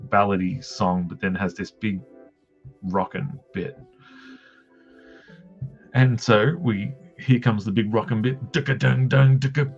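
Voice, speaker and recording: Gravelly, low-voiced Australian man rambling. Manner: rambling, self-deprecating storyteller. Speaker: streamer host drawing comics. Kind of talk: casual live-stream chat. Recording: dull lo-fi stream audio with faint music.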